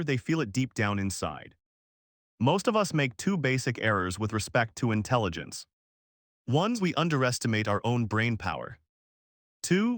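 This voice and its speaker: A man narrates a self-help audiobook in a steady, scripted read. His voice sits at an ordinary middle pitch and sounds close and dry, with no room around it. He keeps an even, measured delivery. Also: dry recording.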